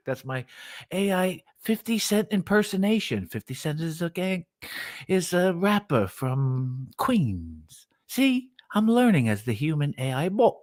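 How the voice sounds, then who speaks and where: A man's voice: fairly high pitch, big pitch swings, a little slow, darkish tone. A man co-hosting a casual livestream, joking and rambling, who keeps slipping into mock announcer voices for made-up sponsors.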